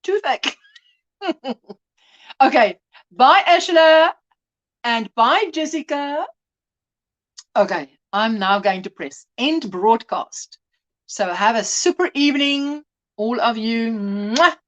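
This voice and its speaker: A woman's voice: a little high, expressive, takes it slowly, long pauses, highs cut off. A woman hosting a casual crochet livestream, chatting, reading out viewer comments and laughing often.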